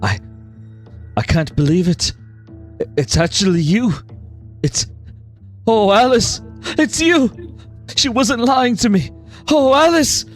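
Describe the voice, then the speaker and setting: A man puts on a heartbroken father in a tabletop fantasy game, his voice lifted high and shaking as he sobs. He stammers and repeats himself, crying through every apology, a grieving lord undone by remorse. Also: lively intonation, slow pace, long pauses, faint music behind, heavily acted. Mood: stunned joy. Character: weeping remorseful middle-aged father, a lord.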